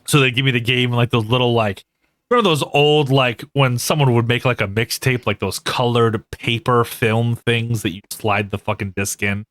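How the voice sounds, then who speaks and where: A man's voice: medium pitch, little pitch movement, normal speed, few pauses, fairly bright tone, no room sound. A man co-hosting a podcast in casual chat, laid-back and slangy, filling talk with "like.". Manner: laid-back, slangy, laughs often, lots of "like". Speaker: podcast co-host.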